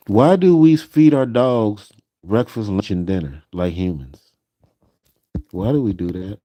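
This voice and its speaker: A man's voice: fairly low pitch, lively intonation, a little slow, mellow, no echo. A man chatting casually on his live stream, rambling and musing aloud with frequent "you know"s.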